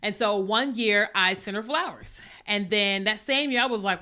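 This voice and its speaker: Bright-voiced woman hosting a faith talk. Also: medium pitch, fairly quick, few pauses. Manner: conversational, full of fillers and asides. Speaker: podcast host. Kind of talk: casual faith talk monologue.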